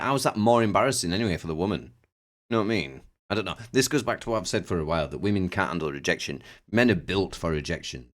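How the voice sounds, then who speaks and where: Low-pitched man hosting a reaction video, sarcastic, dry and mocking. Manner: sardonic, mocking. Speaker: commentary host. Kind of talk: reaction commentary.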